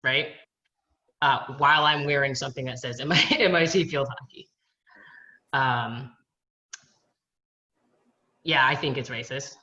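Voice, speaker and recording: Woman coach, bright forceful tone, earnest and explanatory; dull lo-fi video call sound. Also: rumbling low, steady tone, slow pace, long pauses. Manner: earnest, explains with scenarios and rhetorical questions. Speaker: college field hockey coach. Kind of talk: panel discussion.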